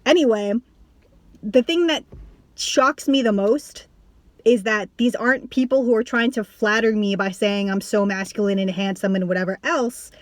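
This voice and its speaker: A woman's voice: medium pitch, moderate pace, dry recording. Rambling young woman vlogger, dry sound. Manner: rambling, full of "like" and restarts, swearing; animated with bursts of laughter. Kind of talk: casual storytelling to camera.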